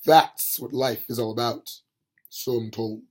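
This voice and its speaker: A man voicing Death, a grim, weary male reaper who lectures in a flat, matter-of-fact way, in an amateur audiobook reading. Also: mid-range voice, a little slow, close to an everyday voice. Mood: dry.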